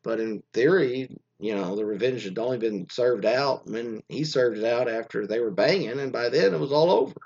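A man's voice: medium pitch, moderate pace, gravelly, few pauses, darkish tone, breathy edge, lo-fi sound. A man hosting a casual podcast, reading out listener stories and rambling about them in a crude, meandering way full of fillers and restarts.

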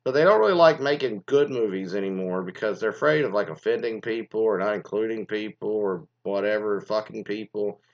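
A man's voice: lowish voice, fairly quick, hardly any pauses, highs cut off. A man ranting casually in a commentary show, profane and rambling, telling exasperated stories. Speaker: commentary host.

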